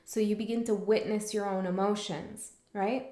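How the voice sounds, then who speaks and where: A woman's voice: medium pitch, fairly even intonation, moderate pace, hardly any pauses, warm tone. Rambling woman tarot reader, echoey room. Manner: rambling, reflective, many fillers and restarts. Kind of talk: casual spiritual monologue.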